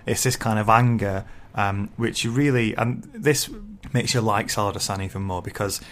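A man's voice: lowish voice, steady tone, moderate pace, a bit bright. A man co-hosting a casual book-discussion podcast, laying out ideas step by step. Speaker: podcast co-host.

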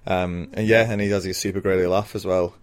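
A man with a low voice chats casually about films on a podcast. He laughs often and hesitates with plenty of ums. He sounds like he is in his thirties. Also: steady tone, fairly quick. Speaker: podcast co-host. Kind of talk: casual film podcast chat.

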